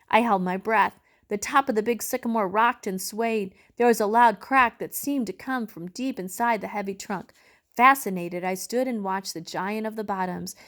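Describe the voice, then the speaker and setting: Woman, reading a novel aloud, expressive, measured, mid-pitched voice. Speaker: reader.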